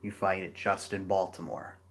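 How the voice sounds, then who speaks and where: A man's voice: low voice, level tone, moderate pace, slight background noise. A man giving a casual geography lecture over a map, rambling with many fillers and restarts. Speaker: geography educator.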